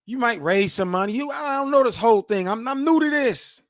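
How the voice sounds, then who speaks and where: A man in his forties reacting to news clips as host, animated, emphatic and mocking, full of slang. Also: very high voice, fairly quick, few pauses, no echo, clean studio sound.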